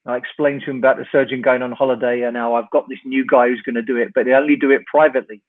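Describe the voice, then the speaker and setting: Wry older raconteur on a tinny call. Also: male voice, mid-range voice, racing, hardly any pauses. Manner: lively raconteur, wry, acts out the dialogue. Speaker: guest, rock singer. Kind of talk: storytelling anecdote in an interview. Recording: tinny phone-like line.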